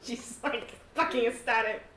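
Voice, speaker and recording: A woman's voice: on the high side, steady tone, normal speed, bright, forceful tone, reverberant, slight background noise. A woman narrating a tabletop game as game master, laughing often and swearing casually between filler words.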